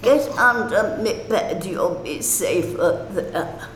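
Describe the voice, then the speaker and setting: A woman's voice: medium pitch, animated, slow, slight background noise. An old woman quoting a homely Cockney patient. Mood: kindly. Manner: homely, motherly, calling the nurse love. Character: frightened elderly Cockney woman patient in a hospital bed. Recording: roomy echo.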